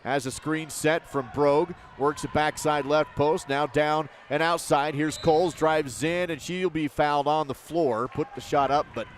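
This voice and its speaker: A man calling a live basketball game play by play, in quick, clipped phrases that lift on missed shots. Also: on the high side, fairly even intonation, slight background noise. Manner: rapid, clipped calls that rise on misses. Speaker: play-by-play announcer.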